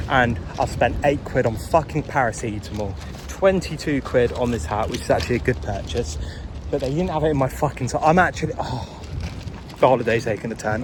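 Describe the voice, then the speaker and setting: A young man vlogging as he walks through city streets at night. He is drunk and tired, and he swears and rants as he grumbles to his viewers. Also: medium pitch. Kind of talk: casual walking vlog. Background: traffic and street noise.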